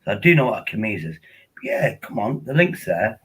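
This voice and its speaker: A man's voice: on the low side, big pitch swings, fairly quick, fairly bright tone, low-quality recording. An older man, chatting casually and rambling on a live stream from home at his laptop.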